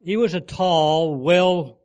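Man, sermon story narration, earnest, measured, slightly high pitch. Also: lo-fi sound. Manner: earnest, measured, dropping soft at solemn points.

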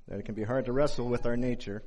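Male preacher, 40s, measured and reflective delivery, pauses between phrases, mid-range voice. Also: mid-range voice, fairly even intonation, a little mellow. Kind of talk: sermon with personal story.

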